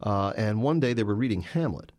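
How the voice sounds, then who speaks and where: A man's voice: lowish voice, animated, a little fast, noisy background. A man, a journalist and author, answering interview questions with emphatic, storytelling narration.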